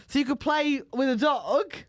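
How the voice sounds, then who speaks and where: A woman's voice: high voice, moderate pace, dry recording. A woman co-hosting a comedy podcast, chatting in a playful, teasing way. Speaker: podcast co-host. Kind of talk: casual chat.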